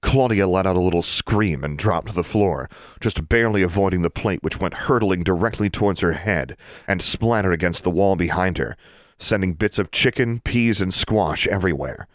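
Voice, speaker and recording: A man reading a story aloud as a narrator, in even, measured storytelling. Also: low-pitched, no room sound, studio quality. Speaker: audiobook narrator. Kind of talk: scripted narration.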